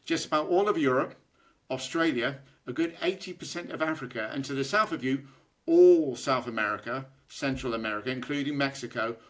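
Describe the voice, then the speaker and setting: A man's voice: mid-range voice, a little fast. A British man co-hosting a podcast, speaking in a dry, wry way and chuckling as he talks. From United Kingdom. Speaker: podcast co-host. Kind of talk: casual political comedy chat.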